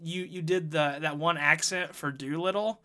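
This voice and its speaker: A man's voice: a little high, steady tone, moderate pace, sharp tone. A man co-hosting a podcast in casual chat, playful and jokey as he tells stories.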